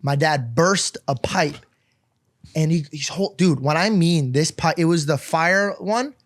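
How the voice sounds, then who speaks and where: A man's voice: on the high side, measured pace. A young man, a podcast co-host, telling a story in casual chat and acting out the quotes. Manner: animated storytelling, acts out quotes.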